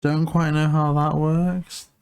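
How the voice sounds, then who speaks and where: A man's voice: a little high, level tone, takes it slowly, darkish tone, clean tone. A man co-hosting a casual film review chat, rambling and filling his talk with "like". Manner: rambling, heavy use of filler "like". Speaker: podcast co-host reviewing a film.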